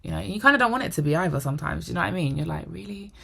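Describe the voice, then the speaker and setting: A young woman vlogger telling a personal story to camera, animated and acting out the dialogue. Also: deep voice, rapid-fire, creaky, breathy edge. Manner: animated, acts out quoted dialogue; drops to a whisper for inner thoughts. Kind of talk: storytime monologue.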